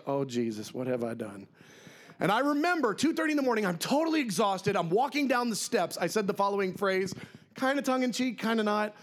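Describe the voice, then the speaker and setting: A man preaching a sermon, telling a story and acting out the voices of people he quotes. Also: sits high. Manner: animated, acts out quoted voices.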